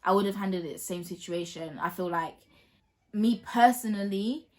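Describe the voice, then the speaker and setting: A woman's voice: medium pitch, normal speed. A young woman hosting a casual couple Q&A vlog, chatty and laughing often. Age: young adult. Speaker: vlog host.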